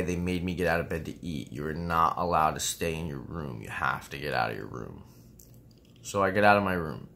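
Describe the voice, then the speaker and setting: With a deep voice, vocal fry, and a fairly bright tone, a man in his twenties vlogs a personal story in a casual, rambling way. He swears some and keeps saying "you know what I mean."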